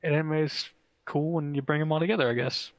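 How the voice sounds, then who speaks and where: Excitable man rambling on a podcast. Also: on the high side, fast, no echo, dull audio. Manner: excitable, rambling with many "like" fillers. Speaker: podcast co-host. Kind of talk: casual chat.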